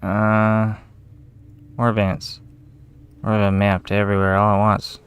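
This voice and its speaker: A man's voice: lowish voice, completely flat delivery, a little slow, long pauses, clear, resonant tone. A young man giving casual, swearing commentary as he plays a game, muttering to himself and getting easily aggravated. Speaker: gamer streamer.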